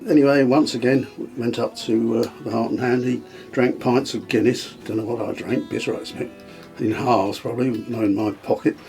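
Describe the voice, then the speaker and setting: An older man, reminiscing in conversation, telling anecdotes with frequent chuckles and halting fillers. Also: mid-range voice, fairly even intonation, gravelly, darkish tone, faint music behind. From England. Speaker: guest, storyteller.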